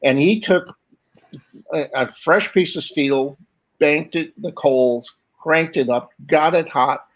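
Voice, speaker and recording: An older man being interviewed, telling stories in a lively way, acting out the voices of the people in them and laughing often. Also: on the high side, slow pace, poor audio. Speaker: guest artist. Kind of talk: conversational interview storytelling.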